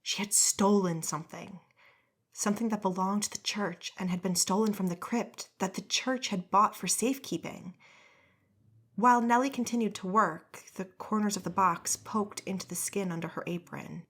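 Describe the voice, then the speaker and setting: A woman reading a fantasy audiobook in a steady, measured storytelling voice. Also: mid-range voice, breathy edge. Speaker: audiobook narrator. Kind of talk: scripted narration.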